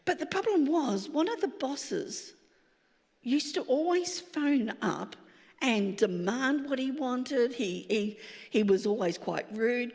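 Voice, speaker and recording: A woman, a pastor telling a lively personal story in a sermon, acting out the dialogue. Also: a little high, vocal fry, long reverb tail. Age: 60s.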